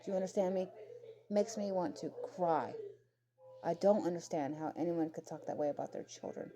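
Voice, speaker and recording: A woman's voice: on the low side, moderate pace, crowd noise. A young adult woman talking bluntly and emotionally in a casual commentary rant, swearing freely. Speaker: commentary vlogger.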